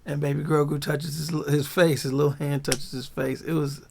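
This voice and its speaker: A man hosting a casual, animated episode breakdown, full of slang and laughter. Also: a little high, moderate pace, vocal fry, few pauses. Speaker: show recap host.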